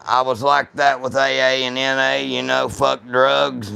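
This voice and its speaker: A man hosting a casual gun-channel livestream, talking to viewers in rough, profane, blunt banter. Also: mid-range voice, level tone, a little slow, sharp tone.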